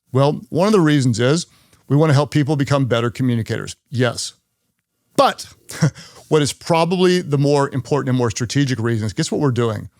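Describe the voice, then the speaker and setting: A man's voice: mid-range voice, no echo, studio quality. A man who is a pastor, hosting a leadership podcast in an earnest way and repeating key phrases for emphasis.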